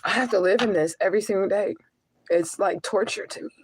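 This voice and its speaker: A woman's voice: mid-range voice, a little fast, background noise. A young adult woman, talking in a raw, confessional personal vlog. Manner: raw, confessional, swearing, talks to her cat. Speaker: vlogger and spiritual reader.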